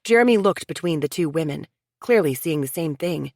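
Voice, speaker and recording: A woman with a lowish voice reads a suspense audiobook in measured, even narration. The recording is dry and close, with no room sound. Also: no room sound. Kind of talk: scripted narration.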